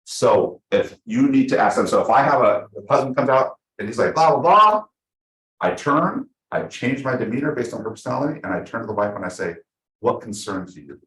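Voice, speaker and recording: A man teaching real estate agents at a team meeting, talking fast and acting out his examples. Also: medium pitch. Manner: energetic, fast, full of acted-out examples. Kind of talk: live team training class. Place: meeting room with a small audience. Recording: echoey room.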